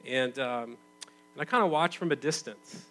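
A man in his thirties preaching a sermon as a pastor, conversational, moving from loud emphatic bursts to quiet, intimate stretches. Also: medium pitch, normal speed, rough recording.

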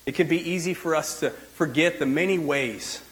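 High-voiced man preaching conversationally. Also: normal speed, fairly bright tone, low-quality recording. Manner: conversational preaching with frequent "like" and restarts. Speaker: pastor. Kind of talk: sermon.

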